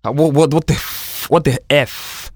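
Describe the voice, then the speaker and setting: Animated Nigerian man, dry close sound. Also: fairly high pitch, measured pace, husky, dry recording. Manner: animated storyteller, exclaims in pidgin asides. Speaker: podcast co-host. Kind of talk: casual chat.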